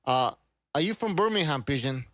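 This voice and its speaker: A man hosting a casual livestream podcast, hyper and loud, repeating himself often. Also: fairly high pitch, expressive, moderate pace, no echo. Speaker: podcast host.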